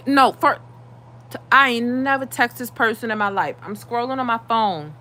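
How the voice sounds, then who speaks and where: A woman ranting in a casual vlog, heated and profane, dropping to low mutters and rising to loud outbursts. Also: sing-song, measured pace, a little hiss or hum. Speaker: vlogger.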